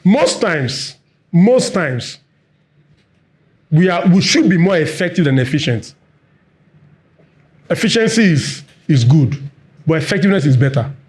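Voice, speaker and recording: Quick, high-voiced trainer. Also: male voice. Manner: fast-talking, animated, quizzes the audience. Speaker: workshop facilitator. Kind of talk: live workplace training talk.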